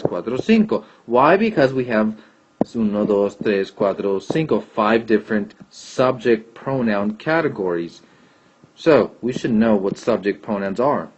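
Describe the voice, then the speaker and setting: A man's voice: lowish voice, darkish tone, a little hiss or hum. A man teaching a Spanish grammar lesson, patiently repeating and checking answers aloud. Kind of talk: classroom lesson explaining grammar. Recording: dull lo-fi recording.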